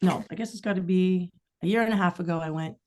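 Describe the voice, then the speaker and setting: A woman's voice: on the low side, fast, slight background noise. A middle-aged woman, a singer-songwriter guest, telling candid, rambling stories in a casual podcast chat. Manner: candid, rambling storytelling with lively asides.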